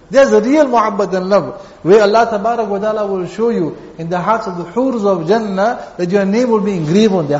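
A man with a high voice preaches a sermon, repeating key phrases and telling everyday stories. The sound is dull and muffled, with a long reverb from a large hall. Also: darkish tone. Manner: storytelling with repeated phrases and acted quotes. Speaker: Islamic preacher.

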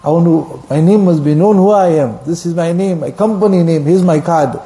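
A man preaching a sermon in impassioned storytelling style, mixing English with Arabic phrases and quick bursts of recitation. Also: fairly high pitch, mellow.

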